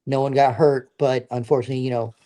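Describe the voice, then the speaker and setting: Middle-aged male guest, earnest and plain-spoken, mid pitch, casual storytelling. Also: little pitch movement, fast talker, mellow. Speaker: veteran guest.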